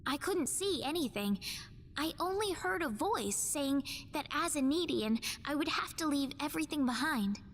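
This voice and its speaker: An earnest young heroine in a game, asking anxious, searching questions. Her voice is very high and lively in pitch. It rings with a long reverb over soft music. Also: normal speed, a little hiss or hum. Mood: troubled.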